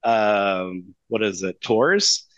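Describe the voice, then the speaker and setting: Low-voiced guy from utah rambling easy on a podcast, sound kinda dull and dry. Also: expressive, very slow, fairly bright tone, dry recording. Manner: easygoing, rambling with fillers. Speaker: guest. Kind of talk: casual interview.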